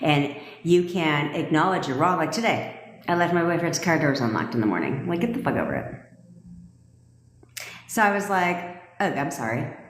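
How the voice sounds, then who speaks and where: A lower-voiced woman gives brash, profane coaching straight at her listeners. She scolds and hammers her points home. The sound bounces around a room with a long, ringing tail. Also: sing-song, moderate pace, long pauses, slight background noise. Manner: brash, swearing, emphatic and scolding. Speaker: manifestation coach. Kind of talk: blunt, profane live-stream coaching rant. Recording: echoey room with long reverb.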